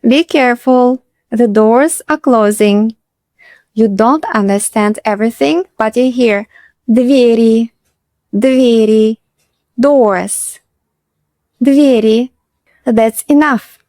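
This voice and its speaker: Slow, dry-voiced woman teacher. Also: a little high, a little mellow, dry recording. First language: Russian. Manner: slow, repeats phrases for learners. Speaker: Russian teacher. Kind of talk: slow scripted lesson narration.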